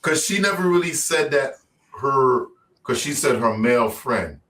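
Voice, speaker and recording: A man's voice: mid-range voice, animated, unhurried, pushed and bright. A man on a casual panel debate, asking questions and reasoning points through.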